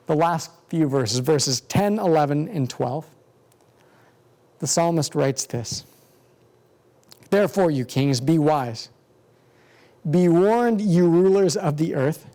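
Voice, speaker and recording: Earnest pastor with a mellow voice. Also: male voice, fairly high pitch. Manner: measured, earnest, slows for emphasis. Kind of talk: sermon-style Bible teaching.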